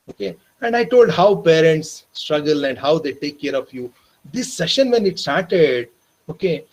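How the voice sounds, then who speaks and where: Earnest husky Indian man telling a story. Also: fairly high pitch, rough recording. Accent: Indian English. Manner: earnest, addresses listeners as "my dear friends"; slows and softens for emotional moments. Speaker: teacher trainer. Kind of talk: storytelling lecture. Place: online training session.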